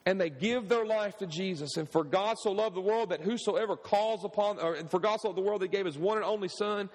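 Man, pastor, sermon, slightly high voice, animated call-and-response preaching, church sanctuary, long reverb. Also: brisk.

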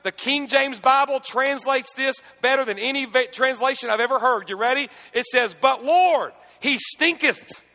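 A man preaching a sermon as pastor, swinging between shouting and near-hushed speech. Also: very high-pitched, fairly even intonation, moderate pace, hardly any pauses, in a large hall.

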